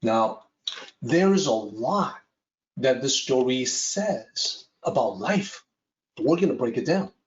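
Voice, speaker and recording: A man teaching a Taoist text, telling a traditional story in a measured lecture style. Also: medium pitch, far from the mic, a little hiss or hum. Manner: slow, measured, with lively rises and falls. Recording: echoey room, dull sound.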